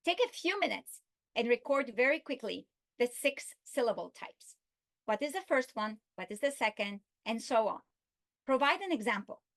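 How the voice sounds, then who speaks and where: Slow-spoken woman teaching a lesson. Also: a little high, sing-song, a bit bright. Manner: slow, deliberate, stretches example words. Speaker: literacy instructor. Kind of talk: instructional video lesson.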